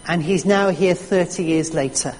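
A preacher delivering a sermon with slow, emphatic storytelling. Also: mid-range voice, a little mellow, a little hiss or hum. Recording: echoey hall reverb.

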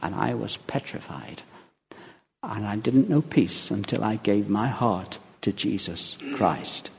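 A man preaching a sermon in a church, telling stories in a lively way and chuckling as he goes. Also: on the low side, slow pace, creaky, a little hiss or hum. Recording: long reverb of a large hall.

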